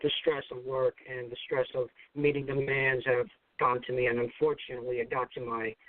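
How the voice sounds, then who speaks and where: A male radio caller speaking in a halting, apologetic way, circling back to the same phrases. His voice comes through a dry, narrow, phone-like line at a middle pitch. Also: little pitch movement, no echo. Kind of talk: call-in radio talk.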